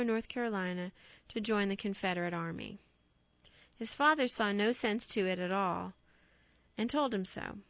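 A woman narrating ghost stories as an audiobook in a measured, expressive storytelling voice. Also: medium pitch, no echo. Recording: dry, slightly dull recording.

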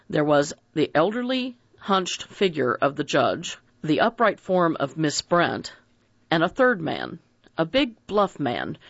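A narrator reading a mystery novel aloud in an expressive, dramatic audiobook style. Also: medium pitch, creaky, no echo. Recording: dry dull lo-fi recording.

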